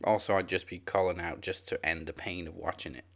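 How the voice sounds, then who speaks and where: A man's voice: low-pitched, fairly even intonation, a little fast, vocal fry, fairly bright tone. A man co-hosting a casual wrestling podcast, dry and blunt. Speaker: podcast co-host.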